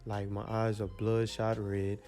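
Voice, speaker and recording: A teenage young man casually telling a rambling storytime, full of slang and animated asides. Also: on the low side, a little slow, soft background music. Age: teens.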